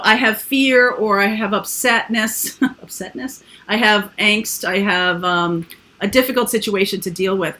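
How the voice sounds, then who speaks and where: Bright-voiced woman giving a tarot reading. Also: medium pitch. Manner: chatty, rambling, with frequent fillers. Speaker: tarot reader.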